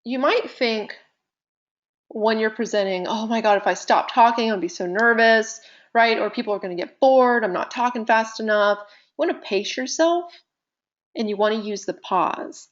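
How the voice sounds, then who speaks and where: Woman coaching public speaking on a live stream, lively ups and downs, lots of pauses, kinda muffled audio. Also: on the high side. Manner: animated, conversational, uses deliberate pauses and vocal dynamics. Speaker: presentation skills instructor. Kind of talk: live online lecture.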